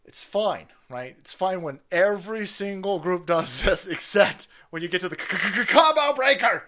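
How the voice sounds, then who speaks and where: A man hosting a livestream, ranting in a profane, sarcastic, mocking way, often laughing and yelling. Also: high voice, lively intonation, normal speed. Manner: frequent laughter and sudden yells. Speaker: stream host. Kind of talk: livestream commentary rant.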